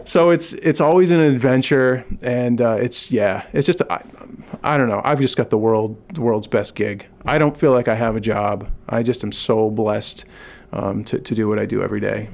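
A man's voice: medium pitch, normal speed, vocal fry, a little mellow. Middle-aged male interview guest, earnest and upbeat, plain mid-range voice, casual and restarting. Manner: earnest and enthusiastic, with frequent restarts. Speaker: kindness advocate, guest. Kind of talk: casual interview talk, storytelling.

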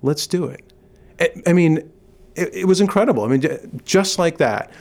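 A man's voice: on the high side, lively intonation, moderate pace, darkish tone. A man in his forties talking earnestly and enthusiastically in an interview, telling stories with frequent restarts. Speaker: kindness advocate, guest. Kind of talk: casual interview talk, storytelling.

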